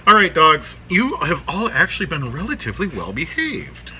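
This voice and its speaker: Bright, animated man rambling in his workshop. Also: on the high side, moderate pace, slight background noise. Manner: rambling, animated, laughs often, talks to his dogs. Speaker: vlogger reviewing a cartoon. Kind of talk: casual chat to camera.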